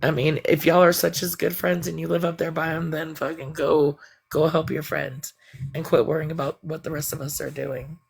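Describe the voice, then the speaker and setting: A woman's voice: low-pitched, flat delivery, normal speed, vocal fry, husky. A woman chatting bluntly and profanely on a live stream, rambling as she vents. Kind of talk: casual venting chat.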